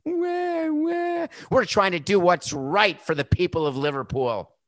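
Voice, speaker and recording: A man putting on a male club owner who reads out a slow, flat, whiny apology. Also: fairly high pitch, dry recording, clean studio sound, pitched above the performer's own voice.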